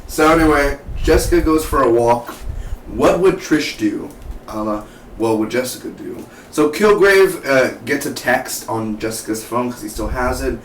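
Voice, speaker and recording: A man's voice: mid-range voice, expressive, moderate pace. A man giving a casual, rambling recap of a TV episode, acting out the characters' lines as he goes. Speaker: TV reviewer. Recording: roomy, distant from the mic, faint noise.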